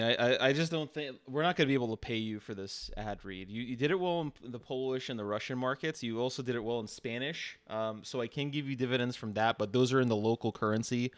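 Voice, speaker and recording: A man streaming, teasing an AI in casual banter, deadpan and stammering. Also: medium pitch, clear, resonant tone.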